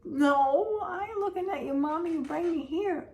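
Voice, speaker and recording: Squeaky sulky pet cat, as a woman voices her. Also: moderate pace, darkish tone. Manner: high squeaky put-on voice, sulky and accusing. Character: sulky pet cat, small female, giving side eye. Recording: roomy with faint background noise.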